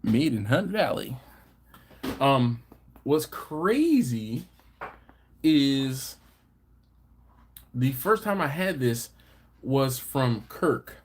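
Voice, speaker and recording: Host: man, animated and playful, reading live chat comments aloud, very expressive pitch. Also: drawn-out words, pauses often, slight background noise. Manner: animated, playful, slangy banter. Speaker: barbecue channel host.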